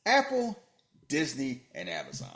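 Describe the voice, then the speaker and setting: Lively man in a roomy space. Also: normal speed. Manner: animated, joking, swings between loud bursts and low muttering. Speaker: podcast host. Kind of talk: casual movie chat. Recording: roomy echo.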